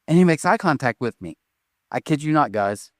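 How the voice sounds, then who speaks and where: A man's voice: a little high, animated, normal speed, a little mellow, no echo, studio quality. A man preaching a sermon, telling a story with lots of rhetorical questions. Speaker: pastor.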